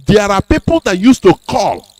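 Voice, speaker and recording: A man's voice: high-pitched, normal speed, low-quality recording. A man hosting a radio program, talking in a sermonizing way with frequent fillers. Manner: sermonizing, lively, hesitant fillers. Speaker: radio host. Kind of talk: preachy radio talk.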